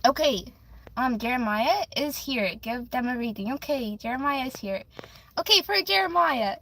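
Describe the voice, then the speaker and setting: A woman's voice: high voice, expressive, normal speed, fairly bright tone, slight background noise, rough recording. A young woman livestreaming tarot readings, chatting with viewers in a bubbly, giggly way. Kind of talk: casual livestream chat.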